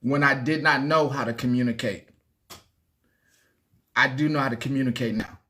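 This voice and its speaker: A man hosting a casual livestream, emphatic and repetitive, sometimes dropping low and soft. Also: steady tone, moderate pace, a little hiss or hum. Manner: emphatic, repeats himself, drops low and soft when reflective. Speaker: livestream host. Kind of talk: casual live-stream chat.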